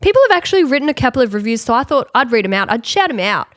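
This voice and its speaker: A woman's voice: a little high, big pitch swings, racing. A woman with a nasal voice from a cold, co-hosting a podcast in upbeat casual chat. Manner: upbeat, laughs often, reads reviews aloud. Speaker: podcast co-host.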